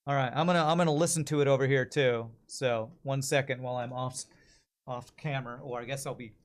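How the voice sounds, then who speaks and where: A man chatting casually on a live stream as he works on voice-over recordings, thinking out loud and asking viewers for feedback. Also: mid-range voice, steady tone, fairly quick.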